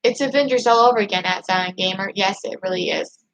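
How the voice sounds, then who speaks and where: A young woman hosting a casual livestream, chatting in an excited, emphatic way as she reads viewer comments. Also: mid-range voice, fast, slight background noise, low-quality recording. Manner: excited, emphatic, gushing fan talk. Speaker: livestream host.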